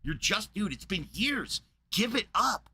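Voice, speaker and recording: A man's voice: high voice, very animated, measured pace, bright, forceful tone, breathy edge. A man hosting a livestream, angrily ranting at a viewer in his chat with heavy profanity and insults. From United States. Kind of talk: angry livestream rant.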